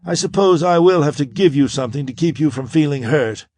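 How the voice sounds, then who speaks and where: A man doing a sneering, excitable android. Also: a little high, brisk, no echo, pitched above the performer's own voice. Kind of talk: audiobook character voice.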